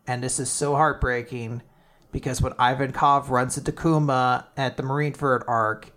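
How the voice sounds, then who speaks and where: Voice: mid-range voice, moderate pace. Chatty podcast co-host recapping manga. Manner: animated retelling with many fillers and swearing. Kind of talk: casual chat recapping manga chapters.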